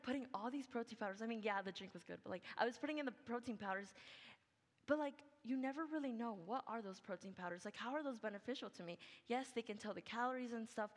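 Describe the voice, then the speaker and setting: A woman's voice: mid-range voice, fairly bright tone. A young adult woman giving a senior project presentation, chatty and upbeat, full of "like" and "okay". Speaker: student presenter. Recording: long hall reverb.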